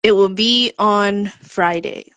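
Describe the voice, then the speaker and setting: This podcast contributor has a medium-pitched, resonant voice and speaks slowly and clearly, with no echo in the room. Sharing a story from her own life and words of encouragement, she animates the tale by performing each quoted voice.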